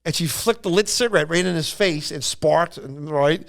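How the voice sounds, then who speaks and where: A man on a casual podcast, spinning a long anecdote. His voice sits a little high for a man, and he jumps into the voices of the people in his story as he goes. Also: normal speed, gravelly. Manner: animated storyteller, acts out quoted voices. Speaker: podcast host.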